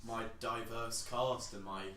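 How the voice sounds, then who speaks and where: A man's voice: mid-range voice, fairly even intonation, unhurried, sharp tone. A man co-hosting a podcast, reading his own story aloud and lifting his voice for its dialogue. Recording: roomy distant mic with faint noise.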